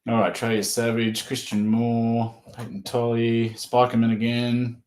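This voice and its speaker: A man's voice: mid-range voice, completely flat delivery, measured pace, a little mellow. A man with an Australian accent, giving casual running commentary as he opens trading cards. He rattles off player names and perks up at good pulls. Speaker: card breaker. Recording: roomy echo.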